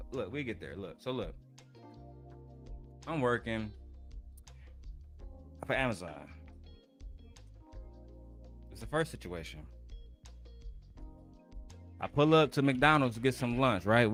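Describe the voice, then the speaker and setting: A man telling a rough personal story in a casual, profane rant, animated and full of streetwise slang. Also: medium pitch.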